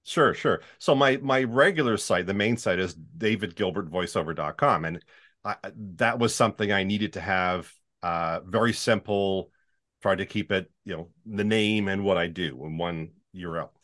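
A man's voice: deep voice, moderate pace, fairly bright tone. A voiceover artist, a man, explaining his business in a casual interview. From Canada. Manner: explanatory, with many fillers and restarts.

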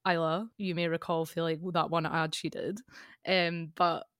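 A young woman, co-hosting a podcast in casual chat, laughing often between quick asides. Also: sits low, level tone, fairly bright tone, clean tone, dry recording, studio quality. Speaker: podcast co-host.

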